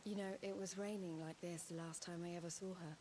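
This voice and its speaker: An actress playing a wistful young warrior woman in a video game, speaking softly and reflectively. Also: on the low side, fairly even intonation, brisk, slight background noise, lightly acted. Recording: game audio with music behind.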